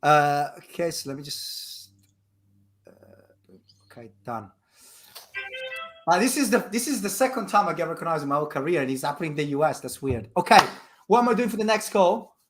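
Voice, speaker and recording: A man's voice: a little high, big pitch swings, fairly quick, long pauses. A man with an Italian accent who cold-calls on a live comedy show, bantering casually, laughing often and stammering over repeated words. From Italy.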